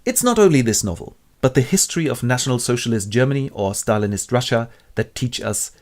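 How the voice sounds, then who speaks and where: A playful man narrating a comic book summary with a wry touch. His pitch swings lively and animated through each line. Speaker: storyteller.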